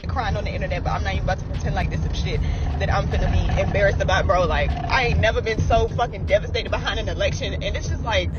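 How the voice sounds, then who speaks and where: A woman venting on social media, swearing and incredulous. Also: high voice. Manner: fast, profane, incredulous. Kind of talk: upset social media rant.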